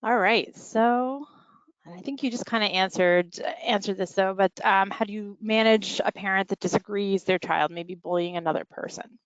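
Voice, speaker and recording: A woman's voice: medium pitch, moderate pace, clear, resonant tone, no echo, lo-fi sound. A woman moderating a webinar, reading out questions hesitantly with many fillers over a video call.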